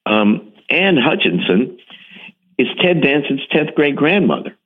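Heard over a narrow radio line that sounds like a phone, this TV series host speaks in a mid-range, sing-song voice with a breathy edge and an unhurried pace. As a guest in an interview, he tells animated stories with enthusiasm and emphasis, frequently starting his sentences over.

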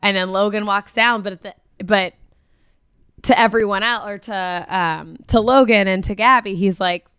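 A woman with a smooth, clear voice at mid pitch chats casually as a podcast co-host. She is thoughtful and uses many fillers. The sound is dry and close. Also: moderate pace, a bit bright, no room sound. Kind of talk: casual recap chat.

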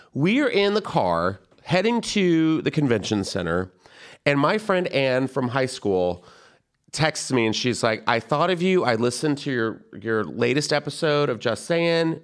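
Animated man telling a campy story. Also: mid-range voice, smooth. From San Antonio, Texas. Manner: animated, camp, laughing at own jokes. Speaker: podcast host. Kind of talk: casual comedic storytelling.

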